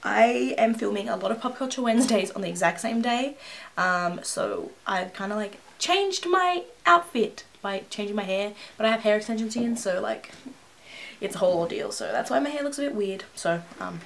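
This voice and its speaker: A woman's voice: mid-range voice, lively intonation, normal speed, vocal fry. A young woman giving casual, gushing reaction commentary as a vlogger, laughing often. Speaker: beauty and pop culture vlogger.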